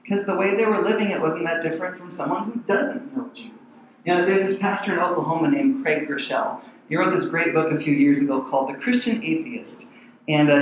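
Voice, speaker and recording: Animated pastor in an echoey hall. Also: male voice, sits high, recorded from a distance, slight background noise. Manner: animated, acts out the voices in the verses, conversational. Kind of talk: sermon. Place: large church hall.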